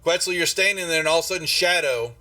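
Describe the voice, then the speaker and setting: A man's voice: on the high side, bright, forceful tone, no room sound, soft background music. Guy game-mastering a tabletop session, lots of restarts, kinda far from the mic. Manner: halting, with many restarts. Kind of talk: narrating a tabletop game on a live stream.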